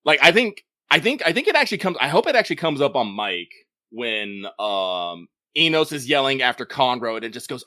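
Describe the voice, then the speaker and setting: A man's voice: medium pitch, sing-song, fairly quick, bright, forceful tone, no echo, clean studio sound. A man co-hosting a podcast in casual chat, talking in long runs full of swearing and self-corrections. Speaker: podcast co-host.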